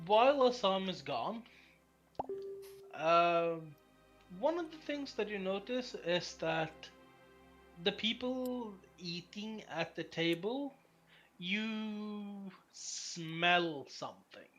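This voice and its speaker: Slow, halting man narrating a game. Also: high-pitched, lively intonation, fairly bright tone, lo-fi sound, faint music behind. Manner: hesitant, filler-heavy, drawn-out phrasing. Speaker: game master.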